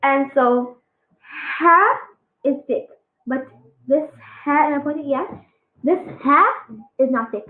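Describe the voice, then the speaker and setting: Woman, high voice, casual pronunciation lesson, halting with fillers, encouraging, tinny phone-like audio. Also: steady tone. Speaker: Arabic alphabet teacher. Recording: echoey, tinny phone-like sound.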